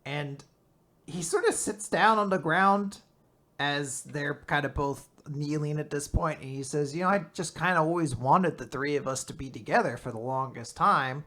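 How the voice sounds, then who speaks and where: Woman podcast host, casual manga recap, bright voice, animated plot retelling. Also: deep voice, moderate pace.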